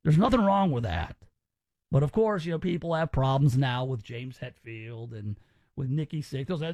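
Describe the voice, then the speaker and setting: A man's voice: medium pitch, animated, moderate pace, a little mellow, no echo. A man hosting a radio talk show, chatting casually and giving his opinions in a conversational way.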